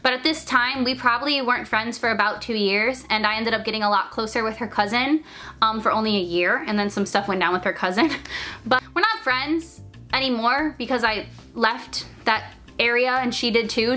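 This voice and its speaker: A young woman telling a personal story in casual chat, talking fast with lots of "like" fillers. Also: fairly high pitch, sharp tone. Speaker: storyteller vlogger.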